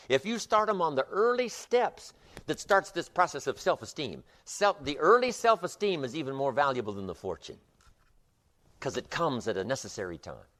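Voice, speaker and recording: A man's voice: medium pitch, a bit bright. A man giving a motivational seminar lecture with an emphatic, repetitive rhythm. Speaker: motivational speaker.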